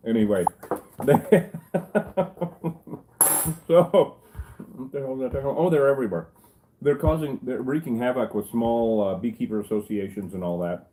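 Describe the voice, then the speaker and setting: A man's voice: medium pitch, moderate pace, pauses often, warm tone, a little hiss or hum, poor audio. A middle-aged man, a beekeeper, telling stories in casual chat, rambling and cracking jokes with salty asides. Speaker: beekeeper and channel host.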